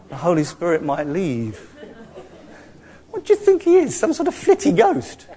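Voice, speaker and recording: High-voiced preacher. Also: male voice, moderate pace, long pauses. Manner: animated, jokey preaching with mocking put-on voices. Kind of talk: sermon.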